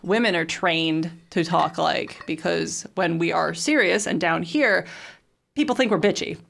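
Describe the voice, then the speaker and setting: A woman streamer talks over her game in loose, chatty speech, packed with fillers and a casual curse now and then. Her voice sits low and is full of creaky vocal fry. She sounds relaxed and unscripted. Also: measured pace. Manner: chatty, many fillers, swears freely.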